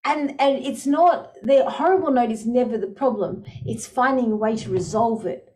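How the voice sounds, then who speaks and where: A woman's voice: on the high side, normal speed, darkish tone. A woman music educator giving an enthusiastic, explanatory lecture presentation.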